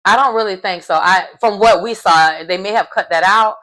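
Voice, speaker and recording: A woman's voice: mid-range voice, normal speed, sharp tone. A woman giving a casual, gossipy recap of a reality show, chatty and acting out quotes as she goes.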